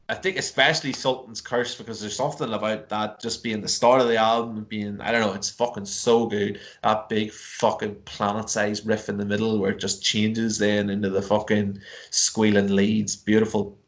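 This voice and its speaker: Low-voiced Irish man telling a story. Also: a bit bright. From Ireland. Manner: swears freely, storytelling with many fillers. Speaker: podcast guest. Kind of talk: casual chat over a video call. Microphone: video call.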